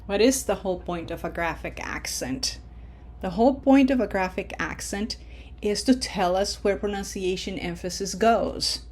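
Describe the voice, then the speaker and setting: A woman teaching a Spanish pronunciation lesson, explaining patiently, checking in with "okay?" and modeling words slowly. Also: medium pitch, darkish tone, breathy edge. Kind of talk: classroom lesson.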